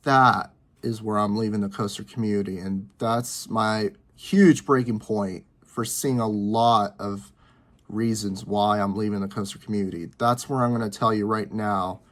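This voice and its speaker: A man in his early twenties talking to camera from his bedroom, rambling and repeating himself with halting restarts. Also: lowish voice, steady tone, a bit bright. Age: 20s. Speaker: vlogger. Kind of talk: personal talk to camera.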